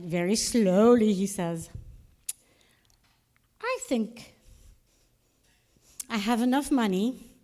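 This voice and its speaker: A Canadian woman with a medium-pitched, somewhat dark voice performs stand-up in front of a live audience. She tells a story and acts out the voices of her family members.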